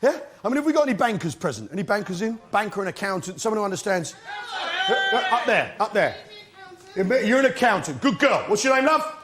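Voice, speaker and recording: A man's voice: high voice, very animated, fairly quick. A middle-aged English man doing stand-up comedy on a theatre stage, ranting and swearing at a live crowd. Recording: noisy live stage recording with laughter.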